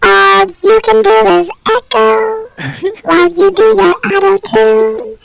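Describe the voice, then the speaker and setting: Super squeaky effect-pitched brat kid, slow, teasing and cocky. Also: male voice, level tone, vocal fry, a bit bright, soft background music, full character voice. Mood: taunting. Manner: taunting, mocking. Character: bratty seven-year-old kid, cocky. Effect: pitch-shifting voice effect.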